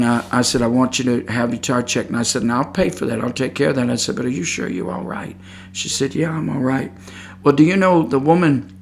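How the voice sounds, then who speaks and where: A middle-aged man preaching, telling a personal story in a calm, earnest, conversational way with many fillers and restarts. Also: mid-range voice, slight background noise. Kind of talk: sermon storytelling.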